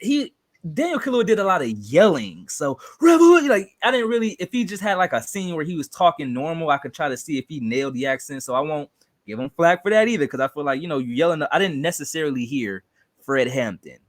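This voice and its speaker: A man from Chicago with a Chicago accent, chatting casually as co-host of a trailer reaction video, talking with many fillers and animated bursts. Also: fairly high pitch, a little fast, no room sound.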